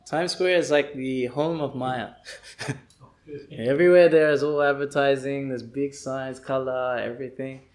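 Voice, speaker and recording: A man giving a lecture, telling an animated story and acting out the people in it. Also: medium pitch, a little slow. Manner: animated, acts out people he describes and sings chants.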